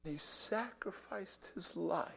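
A man preaching a sermon, telling a story with big swings from shouting to near whispers and a habit of repeating his words as he starts. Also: high voice, slow pace, creaky, slightly rough.

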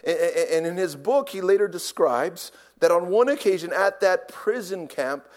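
A man preaching a sermon, telling a story with big swings from shouting to near whispers and a habit of repeating his words as he starts. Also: sits high, expressive, normal speed.

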